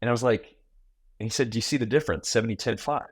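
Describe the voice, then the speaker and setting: A man in his forties, a podcast guest who tells stories in a lively way and acts out small talk in quick asides. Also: mid-range voice, slightly rough, dry recording. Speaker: guest, founder and keynote speaker. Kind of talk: conversational podcast interview.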